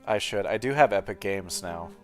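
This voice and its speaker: A man's voice: fairly low pitch, lively intonation, normal speed, soft background music. A young man who hosts a video channel, chatting casually on a voice call, hesitant and eager, with many fillers. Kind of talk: casual chat over a voice call.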